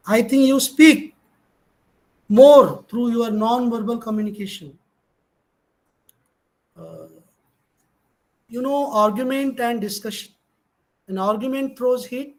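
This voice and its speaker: A man's voice: high voice, darkish tone, rough recording. A middle-aged man with an Indian English accent giving a motivational lecture to college students, emphatic and shifting his tone to show stress. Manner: emphatic, varies tone to demonstrate stress.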